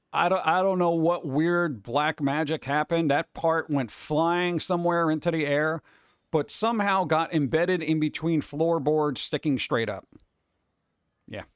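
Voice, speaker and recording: Higher-voiced man rambling on a stream. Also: smooth, no room sound, clean studio sound. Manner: rambling, talks to chat while doing tasks; hands-on, step-by-step instructions. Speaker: livestreaming artist. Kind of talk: casual livestream chat.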